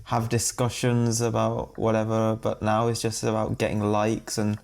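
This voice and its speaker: A man's voice: lowish voice, completely flat delivery, moderate pace, gravelly, darkish tone, slight background noise. A young man hosting a podcast, putting questions to his friends in an easygoing tone with plenty of fillers. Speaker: podcast host. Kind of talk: casual chat.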